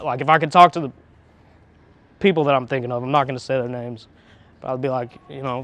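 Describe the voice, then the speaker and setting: A man's voice: mid-range voice, fairly even intonation, brisk, long pauses, fairly bright tone. A man talking candidly in an interview, frank and profane, reflective, often restarting his sentences. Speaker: interviewee, harm reduction worker.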